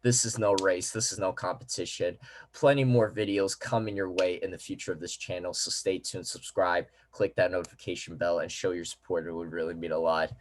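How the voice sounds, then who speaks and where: A young man talking to his viewers in a casual, rambling vlog, repeating himself and filling pauses with "um" and "you know.". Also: low voice, steady tone. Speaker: vlogger.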